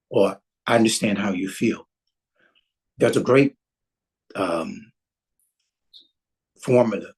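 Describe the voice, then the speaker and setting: A man's voice: medium pitch, husky, low-quality recording. A man teaching as a relationship coach in a webinar, talking conversationally, often restarting phrases and acting out short example lines.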